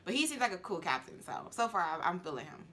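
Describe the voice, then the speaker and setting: A woman's voice: on the low side, very animated, quick pace, pushed and bright, slight background noise. A woman who works as a flight attendant, chatting casually in a reaction video with many fillers and laughs.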